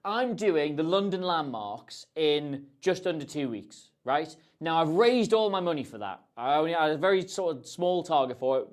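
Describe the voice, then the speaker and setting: A man's voice: fairly high pitch, lively intonation, moderate pace, few pauses. A man hosting a casual livestream, answering viewer questions in a chatty, rambling, self-deprecating way. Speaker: host.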